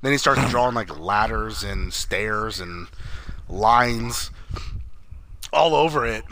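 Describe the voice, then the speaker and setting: A man chatting loosely about a show, his voice bright and forceful. He rambles and swears, laughs a lot and acts out characters as he goes. Faint noise and clicks sit under the recording. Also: on the low side, animated, slow pace. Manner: rambling, profane, laughs often, acts out scenes. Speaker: podcast co-host. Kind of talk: casual chat recapping a TV episode.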